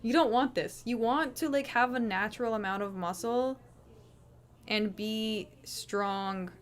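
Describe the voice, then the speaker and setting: A woman's voice: fairly high pitch, a little slow, smooth. A woman hosting a livestream, chatting casually and rambling with swearing and lots of restarts. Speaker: livestream host.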